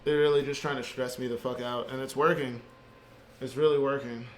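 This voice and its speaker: A man's voice: medium pitch, fairly even intonation, brisk. A man coding at home, venting in a casual, rambling monologue, swearing freely and sounding frustrated. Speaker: software developer vlogger. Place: home basement room. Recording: roomy echo with faint hum.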